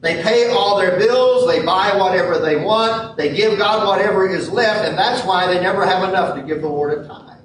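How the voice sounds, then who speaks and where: A man preaching a sermon as pastor in a church sanctuary, measured and leaning hard on key words. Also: high voice, a little hiss or hum. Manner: measured preaching with emphatic stresses. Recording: echoey hall from far off.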